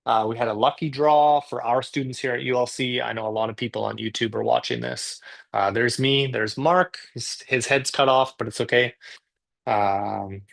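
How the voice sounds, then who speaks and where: A Canadian man with a gravelly edge to his mid-range voice hosts a live English class. He chats loosely and cracks self-deprecating jokes as he talks to his viewers. He sounds relaxed and informal. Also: medium pitch, normal speed. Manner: chatty, joking, self-deprecating. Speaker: English teacher. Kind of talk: casual live class talk.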